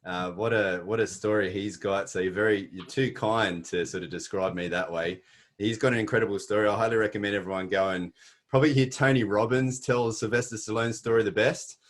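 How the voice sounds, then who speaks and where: A man's voice: lowish voice, fairly even intonation, brisk. A middle-aged Australian man with an Australian accent, giving an earnest motivational webinar talk with many fillers and restarts. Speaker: webinar presenter. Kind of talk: motivational presentation.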